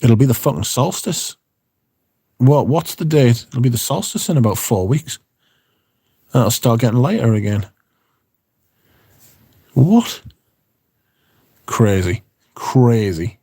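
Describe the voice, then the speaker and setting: Male streamer, rambling and sweary, dry close sound, mid-pitched voice. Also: a little slow, dark tone, slightly rough, dry recording. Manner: rambling, profane, wry. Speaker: livestream host. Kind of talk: casual chat, reading viewer comments.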